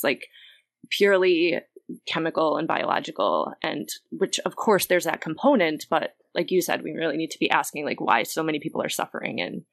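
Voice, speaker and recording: A woman's voice: low voice, gravelly, no echo. A woman co-hosting a podcast, explaining ideas from a book in casual talk full of "like" and "um". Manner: casual, lots of "like" and "um". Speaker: podcast co-host.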